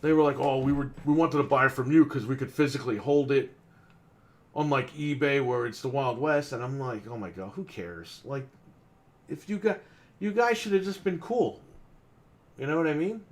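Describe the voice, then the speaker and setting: A man's voice: medium pitch, moderate pace. A man on a podcast telling a long, exasperated story about customers at his game store, swearing often and acting out what people said. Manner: exasperated, swears a lot, acts out quotes. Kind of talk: casual ranting story.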